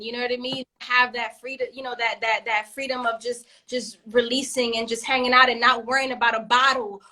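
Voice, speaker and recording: Young woman co-host, high bright voice, quick to laugh and curse. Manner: lively, laughing, profane venting. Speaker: podcast co-host. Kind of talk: casual chat.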